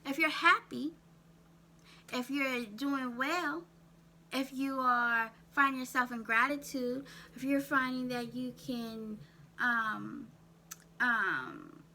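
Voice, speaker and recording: A woman's voice: high-pitched, pushed and bright, slight background noise. A woman vlogging about self-care, coaching her viewers with a string of questions and telling them again and again to write it down. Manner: asks viewers rapid questions, repeats "write that down". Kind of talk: direct-to-camera coaching talk.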